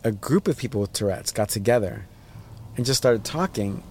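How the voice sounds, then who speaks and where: A man, the guest on a casual podcast, talking in a rambling way and jumping his pitch up when he acts out voices. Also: expressive, moderate pace, husky. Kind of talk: casual chat.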